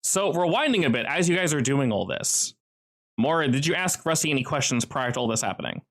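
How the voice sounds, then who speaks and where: A man's voice: fairly high pitch, lively intonation, brisk, a bit bright. A man running a tabletop game as game master, explaining rules and laughing often.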